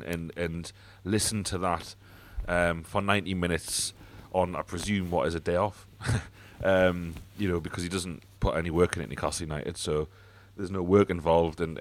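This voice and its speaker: A man hosts a casual football podcast in a deep, low voice. He talks bluntly, swears freely and stumbles through fillers and restarts. The sound is dry and close, with no room echo. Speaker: podcast host.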